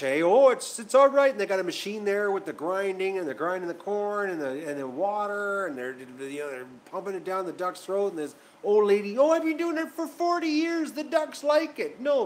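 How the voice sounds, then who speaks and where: A man with a high voice chats casually to the viewers of his channel, rambling and repeating himself as he works himself up. A little hiss or hum is audible.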